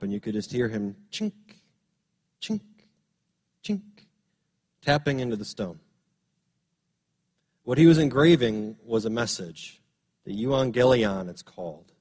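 A man preaching a sermon as pastor in a church sanctuary, telling a story and rising to emphatic peaks before dropping low, his voice a little strained from singing. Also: breathy edge. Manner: storytelling, builds up to loud emphatic peaks then drops low. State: slightly strained voice after singing.

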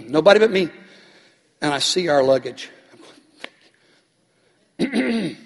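A man's voice: on the high side, very animated, slow, vocal fry, breathy edge. A man preaching as pastor, telling a story animatedly and acting out the people in it. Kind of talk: sermon storytelling. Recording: long hall reverb.

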